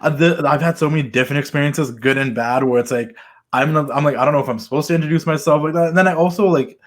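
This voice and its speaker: Fast-talking rambling podcast host. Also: male voice, on the high side. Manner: rambling, full of fillers and restarts. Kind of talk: casual interview chat.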